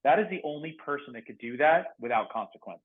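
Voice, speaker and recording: A man, a former SWAT negotiator, telling stories on a podcast in a lively, laughing way. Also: a little high, fast. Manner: animated storyteller, laughs often, acts out quotes loudly. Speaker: guest, former SWAT negotiator and security professional. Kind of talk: casual podcast storytelling. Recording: phone-like narrow band audio.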